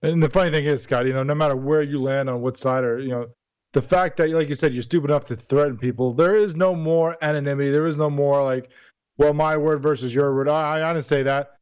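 Brief: male radio co-host, high voice, rapid emphatic talk, slightly dull sound. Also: steady tone, a little mellow, clean tone, no room sound. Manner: quick, emphatic reasoning. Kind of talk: talk show discussion.

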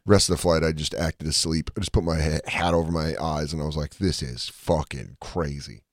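A man co-hosting a casual comedy podcast, telling animated stories and imitating people. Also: rumbling low, fast talker, no room sound, studio quality. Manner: animated storyteller, mimics people. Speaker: podcast co-host.

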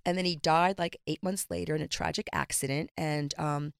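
A middle-aged woman telling a personal story in casual chat, candid and lively, acting out the voices she quotes. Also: sits low, normal speed, clean tone, dry recording, clean studio sound. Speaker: guest.

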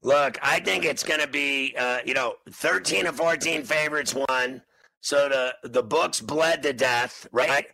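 A brash man co-hosting a sports betting show, his voice gravelly and bright, set a little higher than most men. He talks crude and mocking and breaks into sudden shouts. The recording is dry and close. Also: a little slow, no room sound, poor audio.

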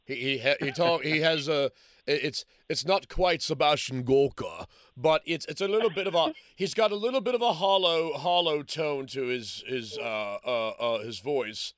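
A man's voice: on the high side, moderate pace, fairly bright tone, dry recording, studio quality. Talkative man hosting call-in radio. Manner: talkative, frequent restarts and fillers. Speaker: radio talk show host. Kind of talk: call-in political talk radio.

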